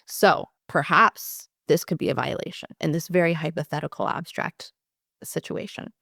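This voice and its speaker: A woman's voice: sits low, moderate pace, gravelly, fairly bright tone, husky, no echo, studio quality. A woman employment attorney explaining legal fees straight to camera in a candid, passionate way, swearing casually.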